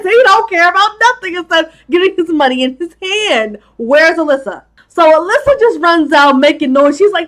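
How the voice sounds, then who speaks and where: Chatty young woman, high voice, movie-recap commentator who exclaims in disbelief. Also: animated, normal speed, fairly bright tone. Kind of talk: casual plot recap commentary.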